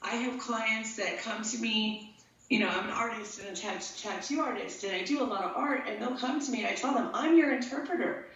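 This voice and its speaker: A woman's voice: on the high side, fairly quick, a bit bright. A woman speaking as an interview guest, talking earnestly and at length in a rambling way. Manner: earnest, rambling, gets emotional. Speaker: guest, empath and tattoo artist. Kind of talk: casual interview talk. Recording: echoey, distant, dull sound.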